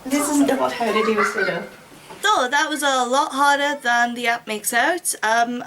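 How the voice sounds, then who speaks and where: A woman's voice: fairly high pitch, pushed and bright, slight background noise, rough recording. A woman from Britain reviewing an app in a casual, hesitant and wry way, with many fillers.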